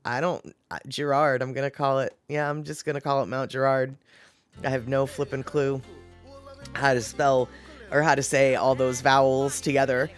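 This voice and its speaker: A woman's voice: a bass voice, little pitch movement, normal speed, soft background music. A woman livestreaming, rambling casually and greeting viewers in the chat.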